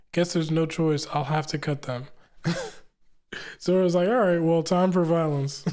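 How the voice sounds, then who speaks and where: Man, casual reaction chat, fairly high voice, mellow tone, laid-back and chatty. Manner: relaxed and chatty, laughs often, keeps saying "you know what I'm saying". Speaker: manga reaction streamer. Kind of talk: casual reaction commentary, reading comic dialogue aloud.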